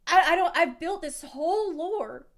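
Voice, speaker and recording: A woman's voice: extremely high pitch, lively intonation, normal speed. A woman streamer reacting to a video, rambling and swearing in casual chat. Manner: rambling, swearing, self-mocking.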